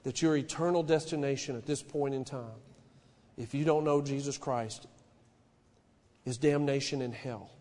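A male pastor preaching a sermon in a church, shouting some lines and dropping to a hushed warning on others. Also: normal speed, long reverb tail. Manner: fervent preaching, swinging from shouted declarations to low hushed warnings. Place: church sanctuary.

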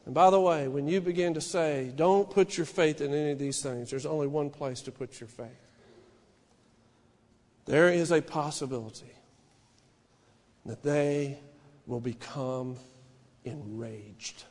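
A male pastor preaching a sermon in a church, shouting some lines and dropping to a hushed warning on others. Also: measured pace, pauses often, big-room sound. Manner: fervent preaching, swinging from shouted declarations to low hushed warnings. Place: church sanctuary.

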